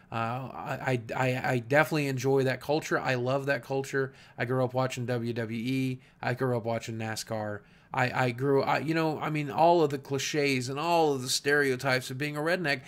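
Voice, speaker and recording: Man, slight Southern US accent, from Southwest Virginia, talking-head vlog, earnest, reflective, stumbles and repeats words, medium pitch. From Southwest Virginia, USA. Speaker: YouTube creator. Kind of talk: candid talking-head monologue.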